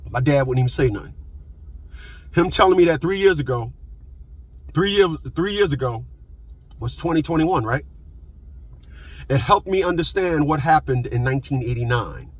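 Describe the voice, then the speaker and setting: A man's voice: on the high side, expressive, moderate pace, pauses often, slightly rough. A man in his fifties telling a story in a blunt, profane casual monologue, repeating himself as he goes. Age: 50s.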